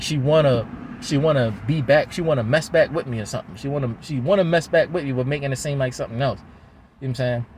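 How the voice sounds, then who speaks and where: A man's voice: mid-range voice, a little mellow, slight background noise. Heated, rambling man outdoors. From Baltimore, USA. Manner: heated, rambling, repetitive, swears often. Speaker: father talking to camera. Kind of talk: emotional venting monologue.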